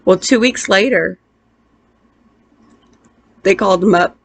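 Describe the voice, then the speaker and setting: A middle-aged woman tells a painful personal story, halting and emotional, with restarts and pauses. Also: mid-range voice. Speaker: interviewee.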